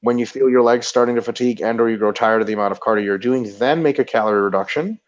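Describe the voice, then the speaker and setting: Mężczyzna o stłumionym, matowym głosie czytający pytania widzów. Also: male voice, mid-range voice, quick pace, lo-fi sound. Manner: joking, reads viewer questions aloud. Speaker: webinar co-host. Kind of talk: casual webinar chat.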